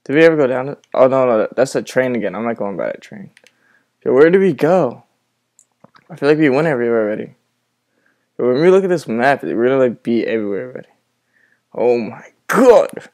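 Man, mellow voice, average pitch, nervous gaming commentary, swearing, headset mic, home at night. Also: animated, a little fast, long pauses. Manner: jumpy, nervous and swearing, talking to a friend. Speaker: gamer reacting to a horror game. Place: room at home with the lights on, at night.

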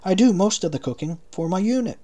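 A man's voice: high-pitched, animated, quick pace, dark tone, voice pushed up. A man voicing a reserved young English officer prisoner who speaks dryly and coolly. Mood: guarded. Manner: dry, understated, cool.

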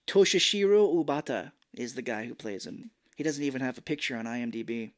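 In a laid-back, chatty recap of an old favorite film, a male podcast co-host with an ordinary middle-pitched voice retells it with animation. He keeps breaking into quick, goofy voices for the characters.

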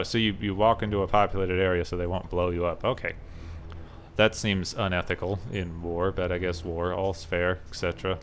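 Low-voiced guy doing a let's play, reads the story bits then cracks dry jokes, faint music behind. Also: a bit bright. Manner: wry, joking asides with sarcastic remarks. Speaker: gaming channel host. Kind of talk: casual let's play commentary, reading game text aloud.

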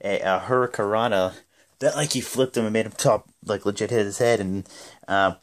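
A man's voice: on the low side, normal speed. A man giving a casual, rambling spoken recap, full of fillers. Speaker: wrestling show recapper.

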